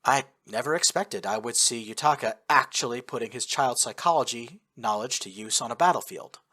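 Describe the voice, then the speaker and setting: A man narrating a first-person war story in an expressive, lively manner. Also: medium pitch, moderate pace. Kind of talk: first-person audiobook narration of fan fiction.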